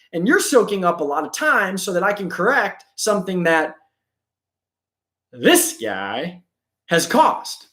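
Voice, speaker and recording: Animated male host of a live chat stream, lively pitch, echoey room, keeps acting out other people. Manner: animated, acts out quick impressions of sellers and customers.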